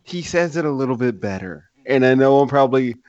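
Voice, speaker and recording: A man's voice: mid-range voice, animated, fairly quick, darkish tone, no echo, muffled recording. A man co-hosting a casual movie podcast, laid-back and full of "like" fillers. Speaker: podcast co-host.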